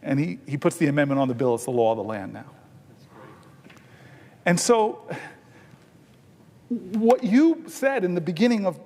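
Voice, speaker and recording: A senator giving an impassioned floor speech, telling stories and building to emphatic, drawn-out stresses. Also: male voice, high-pitched, a little mellow. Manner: earnest storytelling that swells into emphatic, drawn-out stresses. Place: large legislative chamber. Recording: long reverb of a large chamber.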